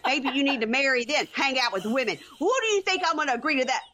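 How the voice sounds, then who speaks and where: A woman voicing a brash, indignant older woman who rants and curses loudly. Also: sits high, expressive, fast talker, a little hiss or hum, pitched above the performer's own voice. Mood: furious ranting. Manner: loud, cursing, indignant ranting.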